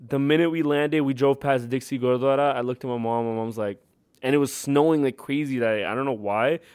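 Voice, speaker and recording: Podcast guest, twenties, Californian lilt, animated storyteller, dry studio mic. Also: male voice, medium pitch, a little fast, clear, resonant tone, no echo. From Thailand and California. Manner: animated, laughs often, many "like" fillers. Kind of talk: casual storytelling.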